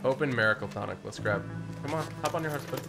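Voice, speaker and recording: A man's voice: medium pitch, fast talker, creaky. A man giving casual gameplay commentary, chatting and thinking aloud as he plays. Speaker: gaming YouTuber. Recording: game music playing loudly underneath. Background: game music and horse sounds.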